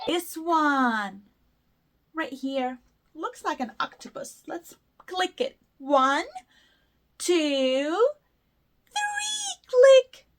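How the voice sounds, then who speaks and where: A young woman hosts a toddler learning show with a very high, lively, sing-song voice. She talks very slowly and coaxingly, stretching each word for little listeners. Music plays clearly behind her. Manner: slow, exaggerated, sing-song encouragement. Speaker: children's show host. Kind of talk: teaching toddlers through play.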